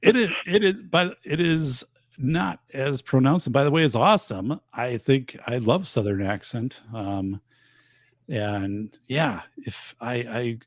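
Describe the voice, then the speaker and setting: A man's voice: mid-range voice, a little slow, no echo, studio quality. A man, hosting a show and telling rambling stories in casual chat. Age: 50s. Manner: animated rambling storyteller. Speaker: show host and teacher.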